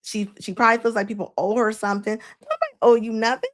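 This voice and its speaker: A woman's voice: fairly high pitch, animated, fast talker. A woman hosting a live stream, giving casual reaction commentary with frequent laughs and preachy asides to her viewers.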